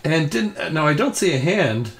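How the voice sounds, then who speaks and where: A man hosting a livestream panel in casual chat, wry and quick to laugh as he calls on panelists. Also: on the high side, sing-song, slight background noise. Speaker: livestream host.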